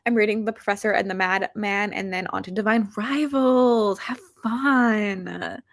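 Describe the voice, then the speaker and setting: A woman's voice: mid-range voice, measured pace, dry recording. Chatty woman hosting a reading livestream. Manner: chatty, rambling with frequent "like" fillers; self-deprecating. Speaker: booktuber hosting reading sprints. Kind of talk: casual livestream chat, reading out viewer comments.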